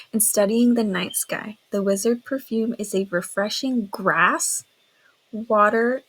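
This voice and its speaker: A woman's voice: medium pitch, husky, low-quality recording. A young woman chatting casually to camera about a perfume she loves, gushing and filling her talk with "like". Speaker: beauty vlogger.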